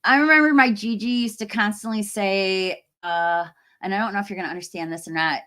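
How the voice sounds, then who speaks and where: Reading viewer comments aloud, this middle-aged horror YouTuber keeps her live stream chat casual and brisk. She has a mid-range, fairly bright voice, laughs a lot, and tends to drift off mid-sentence.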